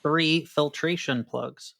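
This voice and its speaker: A man acting as game master, relaxed, reading out loot plainly. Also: on the high side, takes it slowly, creaky, dry recording. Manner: relaxed, listing items plainly. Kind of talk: running a tabletop game.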